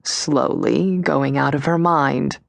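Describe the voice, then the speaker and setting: A woman voicing a blunt, gruff woman gossiping in hushed tones, lower and rougher than her own voice. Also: slow pace, dry recording, full character voice. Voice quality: deeper and gruffer than usual. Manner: blunt, demanding.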